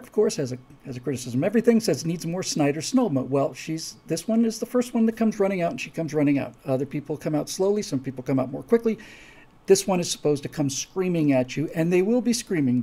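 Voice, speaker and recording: A man talks casually and with enthusiasm to his viewers, rambling and restarting his sentences. His voice is gravelly and sits a little high for a man. He sounds like a creator sharing his own project. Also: warm tone.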